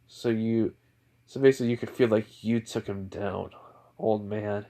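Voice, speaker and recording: A man's voice: on the low side, fairly even intonation, normal speed, warm tone. A young man telling an improvised fan fiction story, rambling with lots of fillers.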